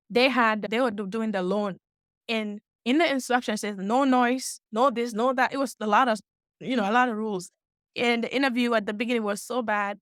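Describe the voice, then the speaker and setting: A woman tells her own story as an interview guest. She acts out the quotes of the people in it and corrects her small slips as she goes. Her voice sits at a middle pitch, and the recording is dry with little room sound. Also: no room sound. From West Africa. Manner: animated retelling with acted-out quotes and quick self-corrections. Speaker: guest, real estate investor.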